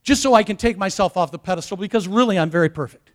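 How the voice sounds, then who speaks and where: A man with a notably high voice delivers a sermon. He shifts between quiet, conversational asides and emphatic, building declarations that swell toward shouts, with touches of self-mocking humor. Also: fast. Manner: emphatic preaching, rising to shouts. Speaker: pastor.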